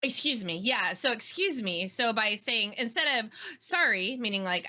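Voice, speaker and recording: Woman, podcast co-host, chatty, self-deprecating, bright voice. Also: a little high, lively intonation, moderate pace. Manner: chatty and self-deprecating, laughs between phrases. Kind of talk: casual chat.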